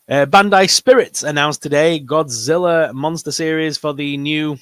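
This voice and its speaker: A man's voice: on the high side, takes it slowly, fairly bright tone, clean tone, dry recording. Upbeat northern English man, dry sound. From northern England. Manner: rambling, upbeat, trails off humming. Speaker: co-host of a toy news show. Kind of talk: casual live chat.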